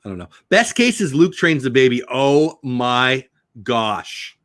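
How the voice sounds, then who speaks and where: A man's voice: medium pitch, very animated, measured pace, a bit bright, dry recording, clean studio sound. A middle-aged man hosts a chatty livestream from his home, wandering from one joke to the next. His voice swings widely up and down as he reads viewers' comments aloud. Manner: rambling, jokey, reads chat comments aloud. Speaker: livestream host. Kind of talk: casual livestream chat.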